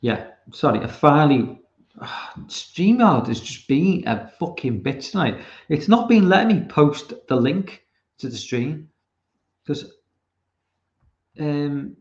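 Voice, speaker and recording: A man's voice: a little high, big pitch swings, slow, a little mellow, roomy sound, dull audio. A man from Liverpool with a Liverpool accent, hosting a casual live commentary stream and rambling with plenty of swearing. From Liverpool, England.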